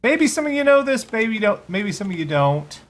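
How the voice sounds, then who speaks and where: A man's voice: sits high, sing-song, moderate pace. A man hosting a casual live radio show, rambling and sarcastic, swearing freely as he talks.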